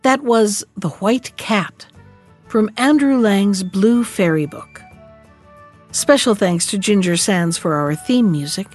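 A woman host reading a fairy tale aloud in a calm, measured storybook manner. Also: mid-range voice, faint music behind.

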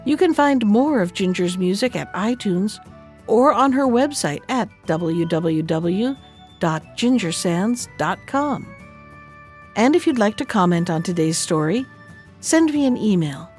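A woman host reading a fairy tale aloud in a measured, clear way. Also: mid-range voice, expressive, a little mellow, soft background music. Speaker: storyteller host.

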